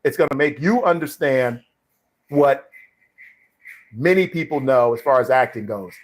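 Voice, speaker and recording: A man's voice: mid-range voice, animated, a little slow. A middle-aged man hosting a live stream Q&A about acting, talking casually with many fillers and restarts as he tells stories and gives advice. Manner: rambling storyteller, frequent fillers and restarts. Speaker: live stream host, actor. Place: home studio.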